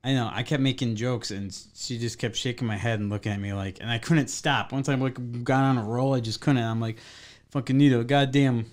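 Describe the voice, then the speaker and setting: A man's voice: mid-range voice, steady tone, brisk. A man co-hosting a podcast in casual chat, joking crudely and swearing freely. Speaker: podcast co-host.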